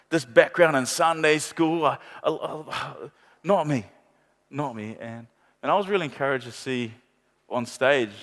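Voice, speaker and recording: A middle-aged pastor, preaching a sermon with passionate repetition and playful asides. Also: male voice, fairly high pitch, a bit bright, long reverb tail. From New Zealand. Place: large church hall.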